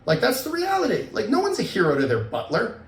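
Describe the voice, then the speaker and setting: A middle-aged divorce lawyer offers relationship advice in casual podcast talk, an animated storyteller who acts out the voices of the people he quotes. His high voice moves quickly, and he's far from the mic, giving a roomy, slightly off-mic sound.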